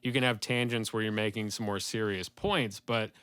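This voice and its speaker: A male podcast host chatting casually, with a bright, forward tone and a smooth, crisp voice. He rambles enthusiastically through his thoughts and laughs easily. The sound is close and dry, with no room echo. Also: on the low side, fairly even intonation, normal speed.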